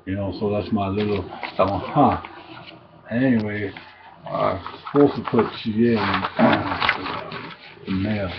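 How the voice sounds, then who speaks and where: A man giving a casual language lesson, halting and repeating each word slowly for learners. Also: lowish voice. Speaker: language teacher. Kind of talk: informal recorded language lesson. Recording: dull lo-fi recording, faint noise.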